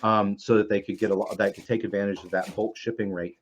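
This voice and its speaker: A man's voice: on the low side, flat delivery, quick pace, husky. A man who is a game publisher, talking casually on a livestream panel, hesitant and full of fillers. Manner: hesitant, many fillers, self-interrupting.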